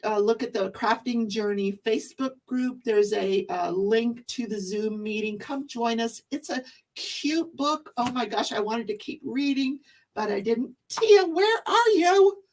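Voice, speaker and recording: A woman's voice: fairly high pitch, unhurried, a little mellow, far from the mic. A woman hosting a craft livestream, chatting casually and greeting viewers. She is losing her voice. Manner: chatty, explains rules, greets viewers by name.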